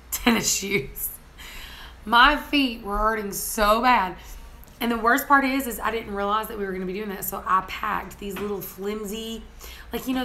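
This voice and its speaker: A young woman, telling a story in a casual vlog, animated and laughing often as she acts out what people said. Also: mid-range voice. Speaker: homestead vlogger.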